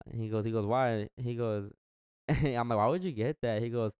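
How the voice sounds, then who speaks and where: A man's voice: mid-range voice, normal speed, a little mellow, clean tone, no room sound, clean studio sound. A young man in casual chat, rambling through a story and acting out what others said in a slangy way. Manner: rambling, slangy, acts out quotes.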